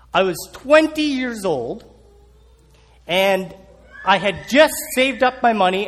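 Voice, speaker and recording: Man preaching through a story, lively high voice, animated, long hall reverb. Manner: animated, acts out scenes. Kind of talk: storytelling sermon.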